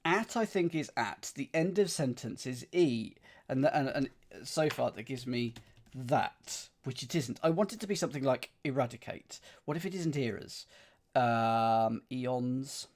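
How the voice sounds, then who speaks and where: Lively man puzzling aloud. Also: mid-range voice, measured pace. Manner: muses and questions himself aloud, with frequent fillers and self-corrections. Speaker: streamer solving crosswords. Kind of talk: thinking aloud while solving, chatting with live chat.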